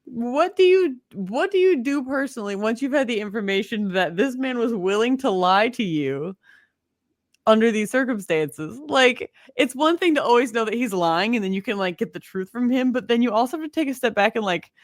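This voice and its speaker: A woman co-hosting a podcast, chiming in with wry, deadpan quips and questions about the story. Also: a little high, moderate pace, no room sound, studio quality. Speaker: podcast co-host. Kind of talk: casual book-discussion chat.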